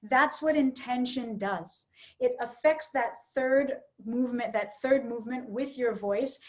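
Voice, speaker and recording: A woman's voice: a little high, measured pace, a little mellow. A woman teaching public speaking in an online workshop, coaching participants with encouragement.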